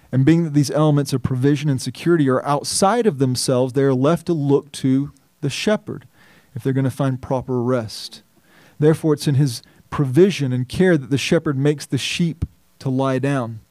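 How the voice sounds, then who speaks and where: A man preaching a sermon as pastor, reading scripture in a measured, earnest and emphatic way. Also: mid-range voice, warm tone, no echo, clean studio sound.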